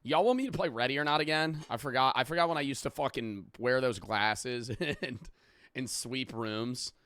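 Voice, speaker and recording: A man's voice: mid-range voice, moderate pace, fairly bright tone, no echo. A male streamer chatting casually on a live stream, rambling and swearing freely as he reads donations aloud.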